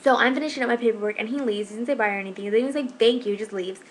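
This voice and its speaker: A young woman tells a story in a casual vlog, talking fast and rambling. She sounds exasperated and fills her talk with "like". Faint noise hums under her voice. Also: a little high, low-quality recording. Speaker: shift manager.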